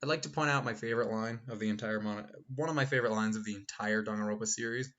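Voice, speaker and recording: A man's voice: lowish voice, steady tone, fast, fairly bright tone, dull audio. A man streaming a video game, chatting casually, joking and reading lines aloud. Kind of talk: casual let's-play commentary. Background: game music.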